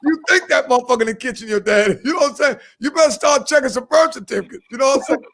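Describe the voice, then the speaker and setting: A man in his fifties with a high, gravelly voice, co-hosting a casual podcast. He spins stories with lots of energy, swears freely and breaks into laughter. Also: racing. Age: 50s. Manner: animated storyteller, swearing and laughing. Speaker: podcast co-host. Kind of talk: casual chat.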